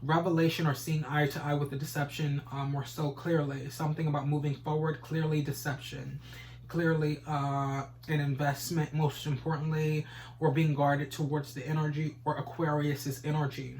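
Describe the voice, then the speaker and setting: A man's voice: a little high, little pitch movement, normal speed, darkish tone, rough recording. A man giving a casual tarot reading, rambling and repeating stock phrases, swearing now and then. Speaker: tarot reader.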